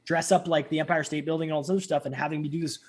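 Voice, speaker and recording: A man in his thirties, a guest telling stories in a casual interview, animated and acting out quoted lines. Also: racing. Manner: animated, acts out quotes with big pitch jumps.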